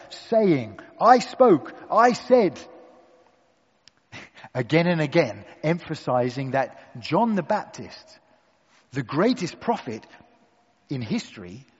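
Slow, animated male preacher in a hall. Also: fairly high pitch, husky, dull audio. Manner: deliberate, emphatic preaching with dramatic pauses. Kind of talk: sermon. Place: church hall with an audience.

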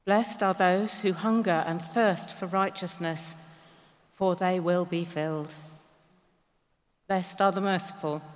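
A woman reads a Bible passage aloud, taking each phrase very slowly and evenly. She sounds distant from the mic, with the long reverb of a church hall around her. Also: fairly low pitch. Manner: slow, measured reading. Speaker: scripture reader. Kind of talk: Bible reading.

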